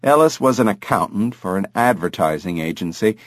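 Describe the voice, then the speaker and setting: A man narrating an audiobook in an expressive, animated reading style. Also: fairly low pitch, brisk, no room sound, clean studio sound. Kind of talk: scripted narration.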